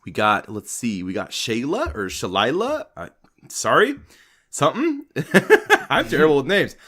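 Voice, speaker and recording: A man's voice: medium pitch, huge pitch swings, a little slow, sharp tone. A man co-hosting a casual podcast, joking around and tripping over names. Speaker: podcast co-host.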